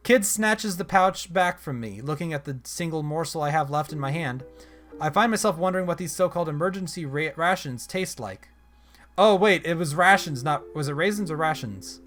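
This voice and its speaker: A man's voice: on the high side, lively intonation, normal speed, a bit bright, soft background music. A man hosting a let's play, reading a text adventure aloud in a casual style and breaking off for chatty asides and self-corrections. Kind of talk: casual game narration with asides.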